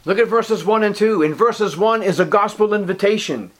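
A man preaching a sermon, reading scripture in old-fashioned wording and pleading with his listeners, his voice dropping to a hush and then rising to ringing emphasis. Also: sits high, moderate pace. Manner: swings from hushed to ringing emphasis; pleading, urgent appeals to listeners.

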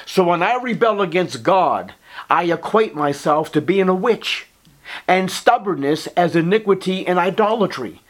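Man, preacher, sermon, fairly high voice, pleading, hushed then ringing. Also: animated, moderate pace. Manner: swings from hushed to ringing emphasis; reads scripture in old-fashioned wording.

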